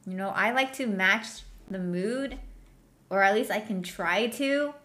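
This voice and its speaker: A woman's voice: medium pitch, measured pace, sharp tone. A woman streamer chatting casually and answering viewer questions, self-deprecating and giggly, humming little filler tunes.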